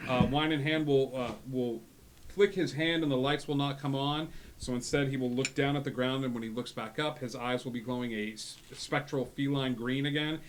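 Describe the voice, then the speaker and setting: Male GM, mid pitch, easygoing, hesitant narration. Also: moderate pace, slight background noise. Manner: relaxed, frequent filler words. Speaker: game master. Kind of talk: narrating a tabletop game.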